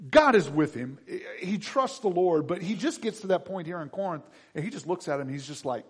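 A husky-voiced man preaches in a loose, conversational way, his fairly high voice swinging widely as he tells the story and checks in with his listeners. He acts out the people he quotes and asks the room questions as he goes. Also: animated, brisk. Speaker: pastor. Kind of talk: conversational sermon.

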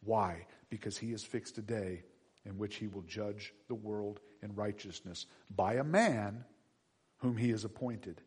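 A man preaching a sermon as pastor, animated and conversational, acting out voices of people in the story. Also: on the low side, unhurried, slightly rough.

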